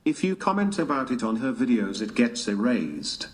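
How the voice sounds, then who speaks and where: A computer voice of a man reading out a viewer message in a flat, automated way. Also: mid-range voice, normal speed. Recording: noisy readout with clicks.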